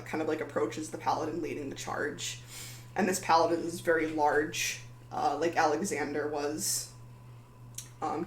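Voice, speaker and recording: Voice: mid-range voice, roomy sound, slight background noise, poor audio. A game master narrating a tabletop game in a loose, rambling way full of fillers.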